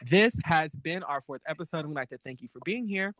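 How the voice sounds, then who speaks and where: A man co-hosting a casual chat show about drag, talking animatedly and sometimes mimicking lines in a high voice. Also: lively intonation, a little fast, a bit bright. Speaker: podcast co-host.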